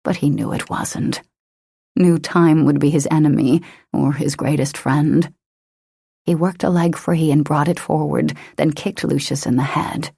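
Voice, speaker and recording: A woman narrating an action-romance audiobook in a steady, dramatic manner. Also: sits low, creaky, husky, dry recording, studio quality. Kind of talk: scripted narration.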